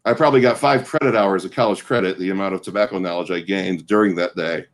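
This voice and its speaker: A man's voice: sits low, quick pace, poor audio. A man in his forties from the American Midwest, casually telling a long, rambling anecdote as a guest, often restarting his sentences. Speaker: guest storyteller. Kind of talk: casual chat.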